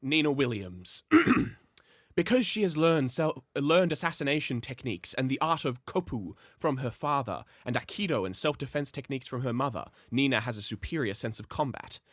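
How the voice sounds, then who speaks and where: A man's voice: medium pitch, animated, moderate pace, fairly bright tone, dry recording, studio quality. A young man co-hosting a podcast, chatting casually, swearing often and reading notes aloud. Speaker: podcast co-host presenting the topic.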